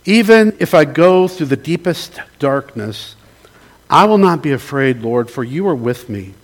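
A man preaching as a pastor, reading a psalm aloud and praying, gentle and unhurried, pausing to invite the congregation to respond. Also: on the high side, lively intonation. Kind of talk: sermon with scripture reading and prayer.

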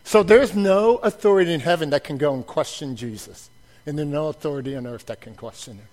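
A man preaching a sermon from the pulpit, swinging from soft asides to loud, emphatic declarations. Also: fairly high pitch, fairly quick. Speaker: pastor.

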